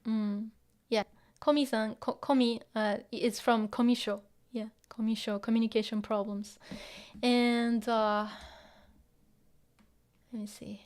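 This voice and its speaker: A woman teaching a casual livestream lesson, chatting with viewers and muttering quietly to herself as she reads the chat. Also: fairly high pitch, fairly even intonation, unhurried. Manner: chatty, mixes English with Japanese phrases, murmurs to herself. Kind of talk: casual live-stream lesson, reading chat.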